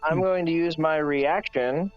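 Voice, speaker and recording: A man's voice: a little high, steady tone, measured pace, clean tone, muffled recording, faint music behind. A man player in a tabletop game, talking through rolls and hit points matter-of-factly. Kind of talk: casual tabletop chat.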